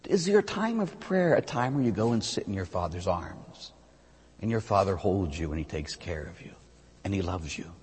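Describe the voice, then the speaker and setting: Animated American priest preaching in a reverberant hall. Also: male voice, breathy edge. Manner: animated, rises high on emphatic phrases then drops low and quiet. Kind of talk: sermon.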